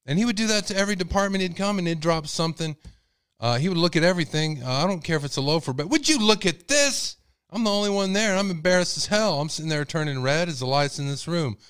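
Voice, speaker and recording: A man's voice: a little high, quick pace, fairly bright tone, clean tone, dry recording, studio quality. A male host telling a rambling, folksy story in a casual monologue. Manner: rambling, folksy, many fillers.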